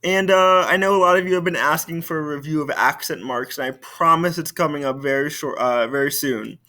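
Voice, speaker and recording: A man's voice: a little high, fairly quick, pushed and bright. A man teaching a recorded French lesson, patiently saying vocabulary for students to repeat.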